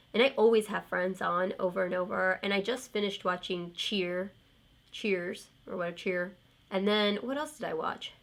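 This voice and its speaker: A woman's voice: medium pitch, fairly bright tone. Chatty woman rambling through a makeup tutorial. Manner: chatty and candid, rambling asides, mild swearing. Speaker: beauty vlogger. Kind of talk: casual chat while doing a makeup tutorial. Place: home.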